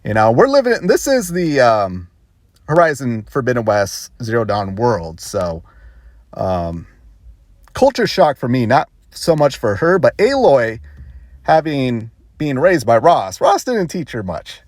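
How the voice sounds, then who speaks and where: A man's voice: mid-range voice, huge pitch swings, a little slow, no room sound. A man vlogger telling a rambling story casually, with self-conscious laughs.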